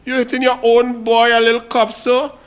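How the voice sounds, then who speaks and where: A man's voice: extremely high pitch, completely flat delivery, moderate pace. A man with a Trinidadian accent hosting a political talk show, delivering a fiery, mocking commentary monologue straight to his listeners.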